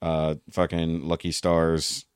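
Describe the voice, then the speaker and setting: A man's voice: a bass voice, completely flat delivery, slow pace, clean tone, no echo, studio quality. A man hosting a casual podcast, rambling through the wrap-up with fillers and restarts. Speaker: podcast host.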